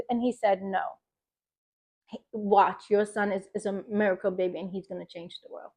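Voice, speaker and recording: An American woman in her thirties tells a personal testimony of faith. She speaks in a mid-pitched voice, emphatic and animated, and acts out the words of the people in her story. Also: brisk. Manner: expressive, emphatic, animated quoting of others. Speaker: faith podcast host.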